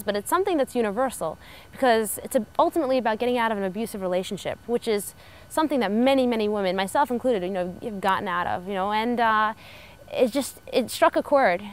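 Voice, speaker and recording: A woman's voice: a little high, clear, resonant tone. A young adult woman cartoonist speaking in an interview, upbeat and earnest.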